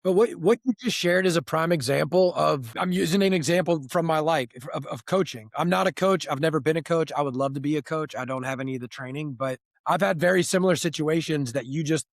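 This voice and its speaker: A man's voice: a little high, fairly quick, hardly any pauses, no echo. Earnest male interview host, dry sound. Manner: earnest, reflective, relates own experience. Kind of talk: conversational interview.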